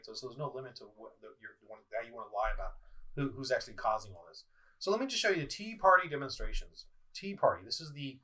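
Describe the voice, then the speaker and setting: A middle-aged man rants at home, his voice bright and pushing hard as he accuses his listeners. He stumbles over words, restarts and repeats phrases. He sits a little way back from the mic, so the sound has some distance. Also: mid-range voice. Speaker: political vlogger. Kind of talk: ranting video commentary. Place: indoors at home, in front of a screen. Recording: voice somewhat far from the mic.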